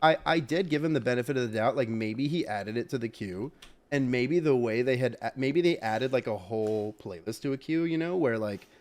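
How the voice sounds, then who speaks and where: A young man co-hosting a casual podcast chat, telling a story with animated, loud bursts. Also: medium pitch, brisk. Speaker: podcast co-host.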